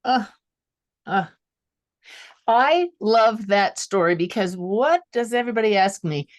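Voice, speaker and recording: A woman's voice: medium pitch, lively intonation, a little slow. A woman hosting a podcast interview, enthusiastic and affirming as she responds to her guest. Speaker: podcast host. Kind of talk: interview conversation.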